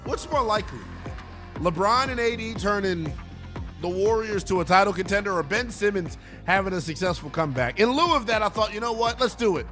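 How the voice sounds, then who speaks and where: A man with a high, bright voice hosts a sports talk radio show. He jokes and boasts his way through a lively monologue. Faint music plays under his studio voice. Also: a little fast.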